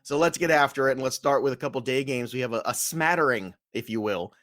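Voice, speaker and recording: A man co-hosting a casual sports podcast, joking and animated, laughing often as he runs through results. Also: mid-range voice, quick pace, dry recording, studio quality. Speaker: podcast co-host.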